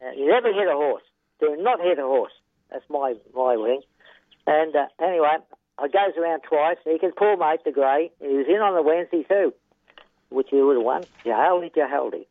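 An older Australian man with a fairly high, expressive voice talks at a moderate pace, with no echo, over a tinny phone line. A retired horse trainer, he tells rambling racing stories in a casual interview, chuckling and saying "yeah" constantly.

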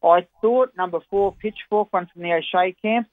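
An Australian man with a fairly high voice runs through his racing picks in a chatty, keen way. His voice comes down a thin, tinny phone line. The sound is dry and close. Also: normal speed, no echo. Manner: chatty, enthusiastic form analysis. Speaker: racing tipster. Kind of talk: radio racing tips.

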